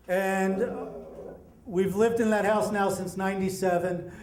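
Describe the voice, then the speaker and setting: High-voiced man telling a story. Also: a little hiss or hum. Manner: animated, acts out quoted voices. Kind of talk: personal story told to an audience. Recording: echoey room.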